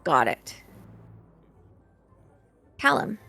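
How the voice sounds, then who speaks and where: A young adult woman running a tabletop role-play game as game master, describing scenes in a relaxed way with many filler words. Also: drawn-out words, soft background music.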